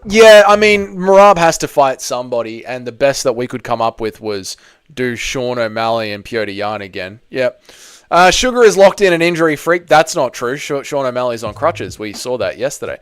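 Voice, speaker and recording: A man's voice: mid-range voice, expressive, moderate pace, smooth, no room sound, soft background music. An Australian man hosting a livestream, casually reading out viewer comments and answering them with teasing banter. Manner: joking, bantering, teasing chatters. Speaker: livestream host.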